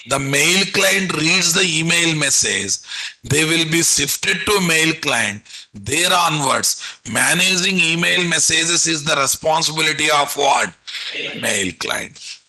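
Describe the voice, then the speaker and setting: A man's voice: fairly high pitch, lively intonation, takes it slowly, bright, forceful tone, poor audio. A man teaching a live online class, repeatedly quizzing his students with rhetorical questions and coaxing them along. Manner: repetitive, coaxing teacherly delivery. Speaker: programming instructor.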